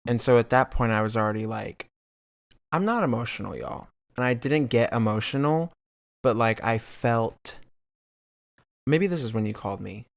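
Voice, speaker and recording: A young man with a gravelly voice co-hosts a casual podcast, speaking at a middle pitch. He is supportive and halting, full of fillers. The sound is close and dry. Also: expressive, dry recording. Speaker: podcast co-host.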